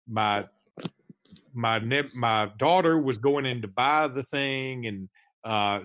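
A man in his thirties co-hosts a relaxed sports podcast with an easy, mid-pitched voice. He rambles through his stories, breaking off and restarting sentences as he goes. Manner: rambling, self-interrupting storyteller. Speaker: podcast co-host. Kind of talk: casual sports podcast chat.

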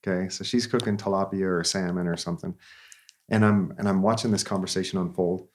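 A man's voice: deep voice, steady tone, a little fast, a little mellow. A therapist, a man in his thirties, telling a story in an earnest, conversational way with frequent restarts.

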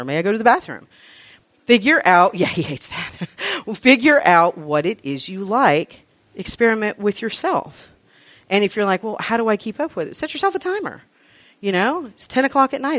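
A woman's voice: fairly low pitch, dry recording. A woman teaching a live class to an audience, frank and profane, hammering points home with repeated lists. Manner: emphatic, repeats lists for effect. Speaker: workshop teacher.

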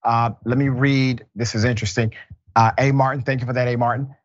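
A man's voice: mid-range voice, little pitch movement, a little fast, no room sound, muffled recording. A man hosting a news talk show, reading viewer comments and a company statement and questioning a guest. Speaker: host.

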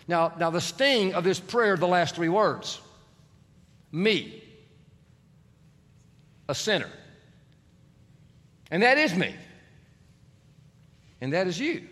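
A male pastor preaching a sermon in a relaxed, conversational way, leading the congregation in prayer. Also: sits high, slow, long pauses, long reverb tail. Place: large church sanctuary.

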